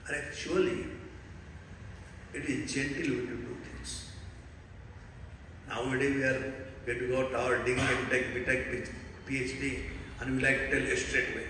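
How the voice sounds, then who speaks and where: A man from North India with a North Indian accent, preaching a scripture class in an animated storytelling way and quizzing his listeners. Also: medium pitch, moderate pace, pauses often, a little hiss or hum. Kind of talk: sermon. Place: large temple hall. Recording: echoey hall recorded from far off.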